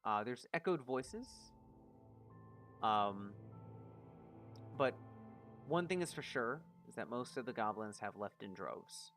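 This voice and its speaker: A man narrating a tabletop game as game master, in a relaxed, rambling way. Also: mid-range voice, slow pace, long pauses, faint music behind.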